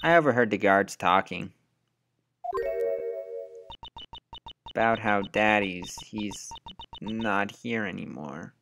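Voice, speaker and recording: A man voicing a small, stubborn girl mourning her father, speaking earnestly and quietly. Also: medium pitch, animated, a little fast, faint music behind. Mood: sad. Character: grieving little girl, stubborn and brave.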